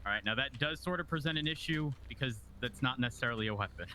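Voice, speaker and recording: A man playing a police sergeant in game roleplay, briefing the group with quick, hesitant starts and fillers. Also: medium pitch, pushed and bright, a little hiss or hum.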